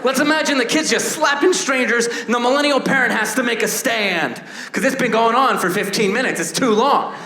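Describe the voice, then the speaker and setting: A man in his thirties doing a stand-up comedy set, animated, acting out voices and shouting punchlines. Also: very high voice, a little fast, echoey room. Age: 30s. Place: stage before a laughing audience.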